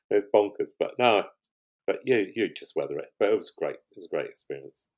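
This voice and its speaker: Older guy chatting on a podcast, really deep husky voice, rambles and restarts a lot. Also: lively intonation, fairly quick. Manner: rambling, warm storytelling with frequent restarts. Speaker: guest, pottery show finalist. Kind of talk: conversational podcast interview.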